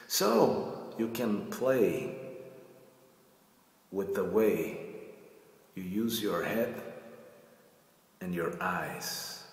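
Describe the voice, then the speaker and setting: A man from Europe coaching actors in a relaxed tutorial, his voice fairly low and unhurried. He repeats phrases while demonstrating by example. The sound rings around a bare, very echoey room with a long reverb tail. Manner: slow, repetitive, demonstrates by example. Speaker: acting coach. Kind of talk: casual acting tutorial.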